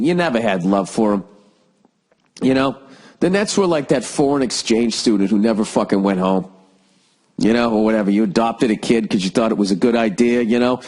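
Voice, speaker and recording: A man's voice: mid-range voice, darkish tone. A man hosting a solo podcast, rambling and sarcastic, swearing constantly, with a lingering cough. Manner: profane, sarcastic, riffing. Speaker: podcast host.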